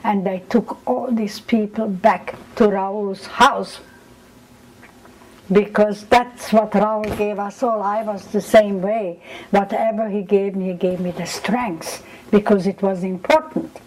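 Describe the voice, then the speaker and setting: A woman's voice: medium pitch, slow, low-quality recording. An older woman, recounting memories in an oral history interview and acting out the people she quotes. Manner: animated storytelling, acts out quoted voices.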